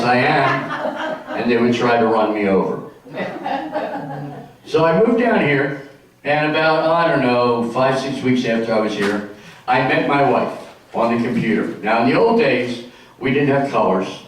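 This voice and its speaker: A middle-aged man doing a chatty, jokey stand-up comedy routine on stage in a senior community hall. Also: medium pitch. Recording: echoey hall from far off.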